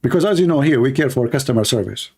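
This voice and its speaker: A man's voice: mid-range voice, lively intonation, fast, a little mellow, husky. A man giving mocking live-stream commentary while reading viewer comments aloud, sarcastic and teasing. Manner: sarcastic, teasing, laughs at his own jokes.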